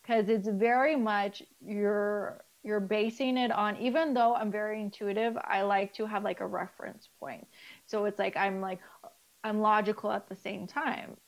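Speaking at medium pitch and a moderate pace over a low-quality recording, a middle-aged woman who works as a spiritual life coach chats as a podcast guest. She's candid, laughs and swears casually, and brings remembered dialogue to life by acting it out.

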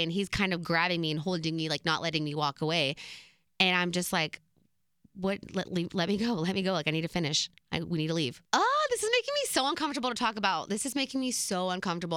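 A woman's voice: lowish voice, bright, forceful tone, clear, resonant tone, no room sound, studio quality. A young woman telling a personal story in a candid, emotional way, with many "like" fillers. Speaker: vlogger. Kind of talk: storytime monologue.

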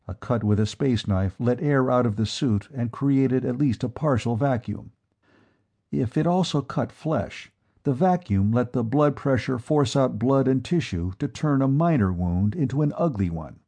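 A man narrating an adventure book in a steady, measured reading. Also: medium pitch, husky. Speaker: audiobook narrator. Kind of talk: scripted narration.

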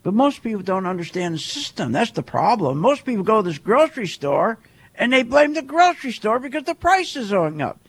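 A man's voice: high voice, sing-song, a little fast, husky. A man giving a heated, repetitive monologue as a market commentator, firing off rhetorical questions. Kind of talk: ranting monologue.

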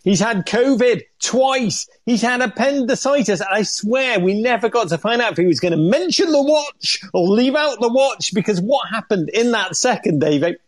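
A man in middle age talks football with gleeful comic energy, tossing in swears and jokes. His voice sits high for a man. The sound is close and dry. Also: animated, normal speed, hardly any pauses, no room sound. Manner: exuberant, comic, swearing storyteller. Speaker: podcast co-host. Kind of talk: animated football chat.

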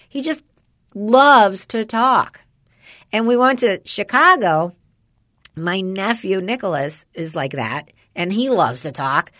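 A woman's voice: mid-range voice, animated, slow pace, bright, forceful tone, dry recording, studio quality. A woman in casual chat with a friend, rambling through a story about her son and acting out what people said. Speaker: parent chatting with a friend.

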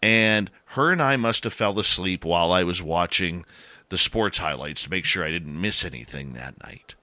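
A middle-aged man telling a ghost story in a casual, animated way, getting louder at the scary parts. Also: sits low, dry recording.

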